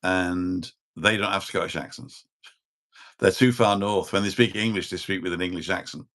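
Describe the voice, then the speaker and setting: A man in his sixties talks as a podcast guest. His very low voice carries a dry, deadpan wit, delivered plainly and without fuss. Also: moderate pace. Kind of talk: casual chat.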